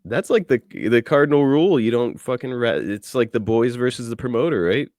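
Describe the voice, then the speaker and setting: A man's voice: medium pitch, fairly quick, a little mellow, dry recording. A man hosting a podcast, asking eager casual questions with swearing and laughs. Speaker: podcast host. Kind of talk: casual interview chat.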